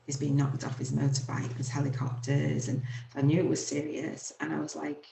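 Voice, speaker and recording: A woman in her forties, hosting her own show, telling a painful personal story in a halting, emotional way with many fillers. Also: deep voice, flat delivery, gravelly, noisy background. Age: 40s. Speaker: host. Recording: echoey room.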